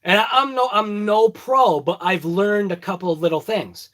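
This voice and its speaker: A vlogger from the Boston area, with a thick accent and a high, somewhat bright voice, rambles through a jokey morning check-in to his phone camera at a moderate pace. He's casual and self-mocking.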